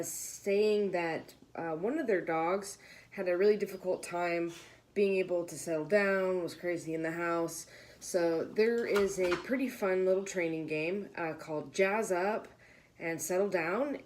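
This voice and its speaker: A woman's voice: fairly low pitch, darkish tone. A woman dog trainer explaining a training game to camera in a casual, chatty way with fillers. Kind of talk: casual instructional video.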